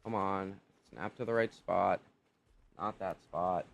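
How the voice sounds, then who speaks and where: A man's voice: sits low, slow pace, creaky. A young man commentating his own gameplay, exasperated and incredulous, swearing often. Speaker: gaming channel host.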